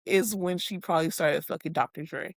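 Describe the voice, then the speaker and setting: A woman co-hosting a podcast in casual chat, animated and laughing, swearing freely and acting out quotes. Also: lowish voice, a little fast, dry recording, clean studio sound. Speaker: podcast co-host. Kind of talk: casual chat recapping reality TV.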